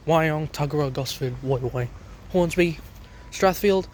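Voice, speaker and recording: A man's voice: a little high, a little slow, a little hiss or hum. A young Australian man vlogging about trains, rambling outdoors on a station platform with fillers and restarts, a lozenge in his mouth. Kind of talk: casual walking commentary.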